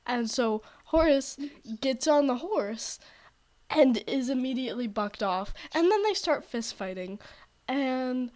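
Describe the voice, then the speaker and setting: A young woman streamer retells a novel's plot in a slow, meandering way, often stopping to restart her sentences. Her voice sits a little high, and her throat sounds scratchy. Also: expressive, darkish tone. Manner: rambling, full of "like" and restarts. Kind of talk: casual storytelling on a stream.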